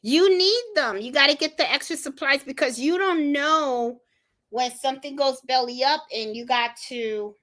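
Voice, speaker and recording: A middle-aged woman from Puerto Rico hosts a live craft stream, talking loosely and directly to her viewers. Her voice sits a little high and sounds vivid and ringing. She keeps it relaxed and easygoing, with lots of "um" and "you know.". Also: normal speed. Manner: chatty, talks straight to viewers with many fillers. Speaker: sewing and embroidery livestream host. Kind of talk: casual live-stream chat.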